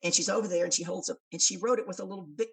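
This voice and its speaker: A woman's voice: fairly low pitch, steady tone, racing, gravelly, fairly bright tone, husky, recorded from a distance. A woman guest on a podcast, a coach and speaker, telling stories with animation and acting out the voices of the people in them. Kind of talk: storytelling in an interview.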